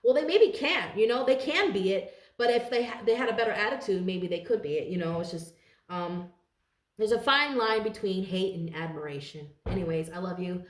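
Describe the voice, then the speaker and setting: A woman's voice: medium pitch, expressive, normal speed. A woman giving a casual tarot reading to her viewers, blunt and profane, rambling with lots of fillers. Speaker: tarot reader. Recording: roomy echo.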